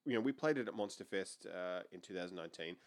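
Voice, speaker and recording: A man co-hosts a casual movie podcast, rambling along with plenty of restarts and laughter. He talks fast and animatedly in a low voice.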